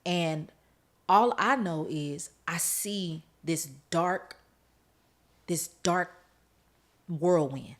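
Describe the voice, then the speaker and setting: A woman's voice: fairly low pitch, extremely slow, long pauses. Woman host giving an emotional testimony. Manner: emotional, speaks straight to listeners; laughs through tense parts of the story. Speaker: podcast host. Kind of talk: personal testimony storytelling.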